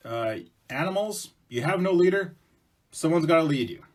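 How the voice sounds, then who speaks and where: Creator figure voiced by a man, calm and explaining, a touch raised. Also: on the high side, moderate pace, pitched above the performer's own voice, natural voice. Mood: patient. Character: male creator spirit, patient lawgiver.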